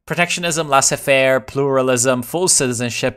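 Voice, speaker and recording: A man giving casual commentary while playing a strategy game, excitable and profane, full of ironic meme slang. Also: mid-range voice, takes it slowly, smooth.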